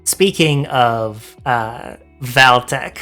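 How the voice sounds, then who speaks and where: Host voice: bright and forward, chatty and halting, light music bed underneath. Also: medium pitch. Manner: stammering, frequent restarts. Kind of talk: casual chat.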